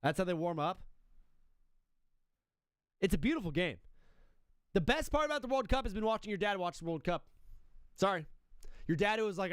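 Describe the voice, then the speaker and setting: Brash high-voiced young male streamer. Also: expressive, normal speed, long pauses, a bit bright, smooth, dry recording. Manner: brash, joking, fired-up patriotic banter. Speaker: live-stream sports show host. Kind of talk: casual live-stream chat.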